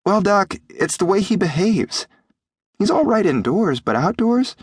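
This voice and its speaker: A man's voice: sits high, big pitch swings, unhurried, slightly rough, dry recording, clean studio sound, voice pushed up, exaggerated voice. A man voicing an earnest, worried teenage boy in an audiobook. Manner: earnest, pleading.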